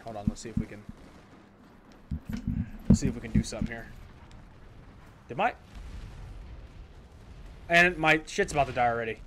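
A man's voice: medium pitch, noisy background. A young man giving solo gameplay commentary, exasperated and sarcastic, with frequent outbursts at the game. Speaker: gaming YouTuber.

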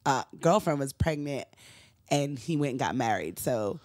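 A middle-aged woman, a comedian guest, telling a personal story on a podcast in a lively way, often acting out the other people in her story and laughing. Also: rumbling low, normal speed, no room sound, clean studio sound. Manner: animated, acts out quoted voices, laughs often.

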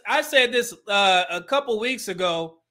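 A man's voice: high-pitched, lively intonation, moderate pace, sharp tone. A man hosting a livestream, commenting bluntly and preachily on video clips and laughing often. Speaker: livestream host.

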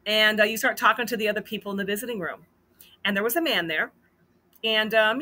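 A woman hosting a casual storytelling vlog, animated and acting out the dialogue in her story. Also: medium pitch, a little fast, a little hiss or hum. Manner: animated, acts out quoted dialogue. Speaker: host.

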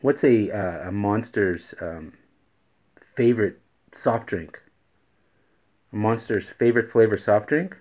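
A low-voiced man hosts a daily joke show. He repeats every riddle before the answer and chuckles at his own puns. The recording is dull and lo-fi. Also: slow pace, long pauses, darkish tone. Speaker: host. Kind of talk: daily joke-telling vlog.

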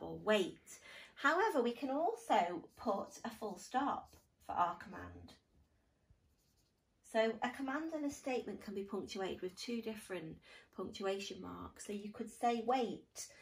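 A woman's voice: mid-range voice, creaky, recorded from a distance, poor audio. A woman teaching a grammar lesson to pupils, patiently explaining step by step with examples.

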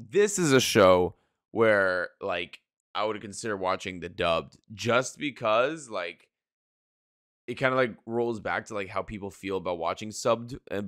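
A man's voice: lowish voice, a bit bright, no room sound, clean studio sound. A young man casually reacting to an anime as he watches, swearing freely and filling his talk with "bro" and "like.". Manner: swears a lot, says bro and like. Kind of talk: casual live reaction commentary.

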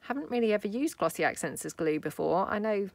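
Woman doing a craft video at home, casual and rambly, a bit of vocal fry. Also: medium pitch, lively intonation, quick pace, no echo. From United Kingdom. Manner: chatty, thinking aloud while working, soft asides. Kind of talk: casual crafting tutorial talk.

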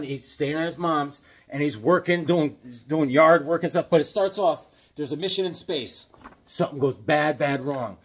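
A man's voice: on the high side, breathy edge. A middle-aged man hosting a casual comic book review, rambling and often restarting his sentences. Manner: rambling, repeats and restarts himself. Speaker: comic book video host.

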